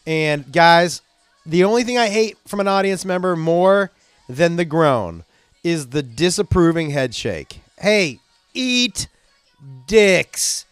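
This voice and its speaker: A middle-aged male comedian with a fairly high voice rants loosely and swears freely. His voice is close and dry, with no room sound. He jumps from chatty storytelling to sudden loud outbursts. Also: slow pace, clean tone, dry recording, soft background music. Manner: profane, animated ranting with loud outbursts. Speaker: stand-up comedian. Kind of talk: casual monologue.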